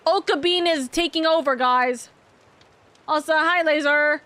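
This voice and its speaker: High-pitched young woman streamer, loose, playful, rambling chat with frequent swearing. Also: a little slow, pushed and bright. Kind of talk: casual livestream chat.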